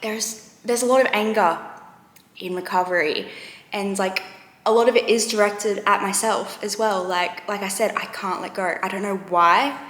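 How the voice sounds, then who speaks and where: A young woman in a roomy, echoey space speaks candidly to camera about her recovery, at a middle pitch. She is earnest and confessional, and her lines often trail off softly. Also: steady tone, moderate pace. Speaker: recovery vlogger. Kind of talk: candid personal talk to camera. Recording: roomy echo.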